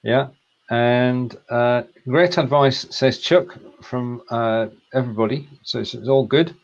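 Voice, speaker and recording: A man's voice: medium pitch, takes it slowly, creaky, lo-fi sound. An English man hosting a live chat, easygoing as he reads out viewer comments over a video call. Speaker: host.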